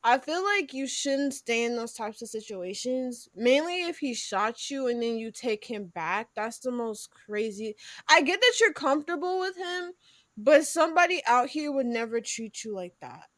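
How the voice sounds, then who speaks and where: A woman's voice: a little high, animated, a bit bright, no echo. A young woman co-hosting a podcast, rambling casually with lots of "like" in between. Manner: rambling with lots of "like", quick laughs. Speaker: podcast co-host. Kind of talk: casual chat.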